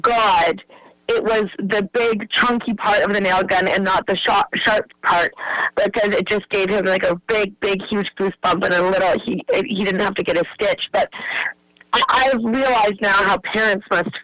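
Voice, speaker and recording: A woman guest in a casual interview, telling an excitable, rambling story. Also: mid-range voice, normal speed, no room sound, poor audio.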